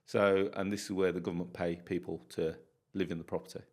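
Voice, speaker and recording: Speaking in a low voice at a brisk clip, this man from the United Kingdom is a landlord sharing stories on a relaxed podcast interview. He's an animated storyteller who performs the dialogue.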